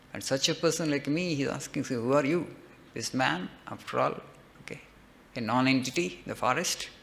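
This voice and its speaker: A man's voice: medium pitch, gravelly, a bit bright, slight background noise. A man voicing a proud male warrior who boasts of his fame. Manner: boastful, indignant.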